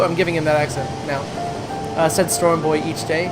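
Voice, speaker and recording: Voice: mid-range voice, moderate pace. Chatty let's-player reading game text aloud. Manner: chatty, trips over words while reading and corrects itself; swings to excited squeals when delighted. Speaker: gaming video creator. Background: game music.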